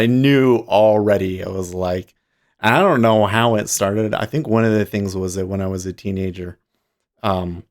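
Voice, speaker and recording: A man with a fairly low voice hosts a livestream, talking casually. He rambles, restarts his sentences and laughs easily as he goes. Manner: rambling, self-interrupting, quick to laugh. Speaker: livestream host.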